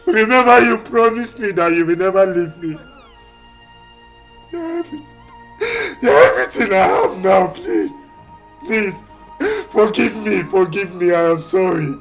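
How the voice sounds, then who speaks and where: A desperate lover who begs over and over in a Nigerian English accent. His voice sits high for a man, and soft music plays behind the scene. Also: animated, a little slow, creaky, heavily acted. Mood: pleading. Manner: begging, repetitive and desperate. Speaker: pleading husband. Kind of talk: film drama acting.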